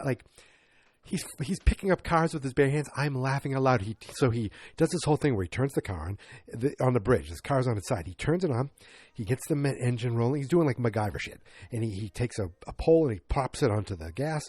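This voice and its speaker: A man's voice: mid-range voice, a little mellow, slightly rough, no room sound. A man hosting a podcast, rambling through a loose, jokey, self-mocking movie review. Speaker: podcast host. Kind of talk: casual movie review monologue.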